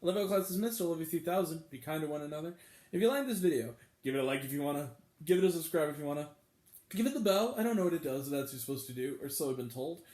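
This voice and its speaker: Chatty, animated male movie reviewer. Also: a little high, very fast, roomy sound. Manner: chatty and enthusiastic, with bursts of swearing. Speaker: movie review channel host. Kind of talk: casual talk-to-camera review vlog.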